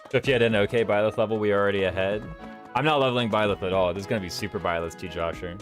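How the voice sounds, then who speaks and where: Fast-talking streamer with a Southern drawl. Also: male voice, lowish voice. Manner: rambling, thinking aloud, drops consonants. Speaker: streamer playing a strategy game. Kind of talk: casual gameplay commentary. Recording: game music playing underneath. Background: game music.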